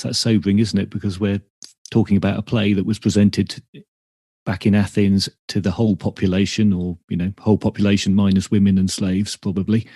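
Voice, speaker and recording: Gravelly, husky-voiced male podcast host. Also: lowish voice, darkish tone, dry recording, studio quality. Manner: measured, reflective. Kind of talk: conversational interview.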